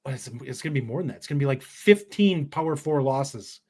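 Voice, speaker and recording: A man's voice: medium pitch, a little fast. A man co-hosting a sports podcast, talking casually and animatedly. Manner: animated, mimics voices in quoted asides. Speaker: podcast co-host.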